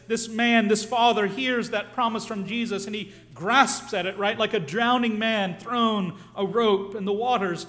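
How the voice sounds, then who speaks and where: A man preaching a sermon, earnest and reflective, often dropping to a hush on key phrases. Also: high-pitched.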